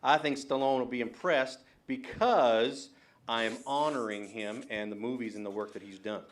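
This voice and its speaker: A man's voice: medium pitch, moderate pace. A man appearing as a guest on a call-in show, getting defensive and riled by prank callers. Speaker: studio guest.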